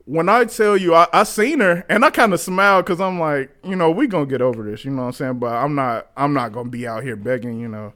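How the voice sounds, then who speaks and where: Animated young man telling a story. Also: on the high side, fast, few pauses. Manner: animated, slangy, laughs often. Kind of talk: casual chat.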